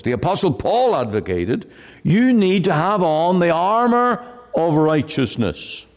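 A man's voice: fairly low pitch, darkish tone. A man preaching a sermon in an earnest, emphatic way. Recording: long hall reverb.

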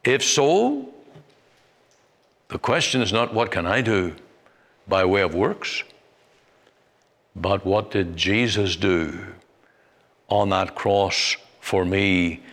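Man, preacher, sermon, slow deliberate delivery, emphatic rises, long reverb. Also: fairly low pitch, fairly bright tone. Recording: long reverb, like a church hall.

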